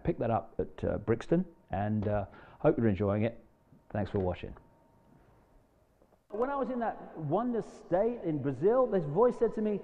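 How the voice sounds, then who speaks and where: A man with a lowish voice and vocal fry delivers a rambling, impassioned live lecture to an audience as a public speaker. The recording is dull and lo-fi, made in a hall with long reverb.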